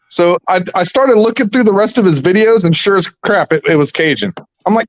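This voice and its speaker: A man chatting casually on a live stream, excitable and quick to exclaim. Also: sits high, poor audio.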